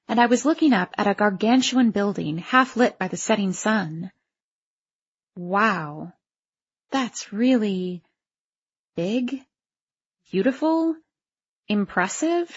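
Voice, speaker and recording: Woman audiobook narrator, wry first-person teen voice, breathy, muffled lo-fi sound. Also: on the high side.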